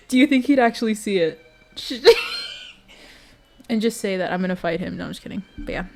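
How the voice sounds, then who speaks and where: A woman's voice: medium pitch, animated, rapid-fire, vocal fry, darkish tone. Giggly young woman streamer chatting. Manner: giggly, emotional and chatty, talking to chat. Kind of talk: casual chat with stream viewers.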